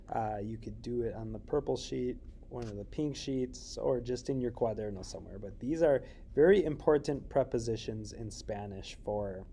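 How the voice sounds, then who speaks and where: A man teaches a recorded Spanish lesson, walking through each point with frequent fillers and checking questions. His delivery is slow and deliberate. The voice is mellow and dark. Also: medium pitch, creaky, a little hiss or hum.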